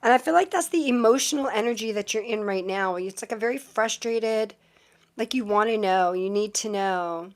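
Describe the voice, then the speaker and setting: A woman's voice: mid-range voice, moderate pace. A woman live-streaming tarot readings, chatting casually with viewers and using lots of fillers as she reads the cards. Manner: chatty, many fillers, thanks viewers often.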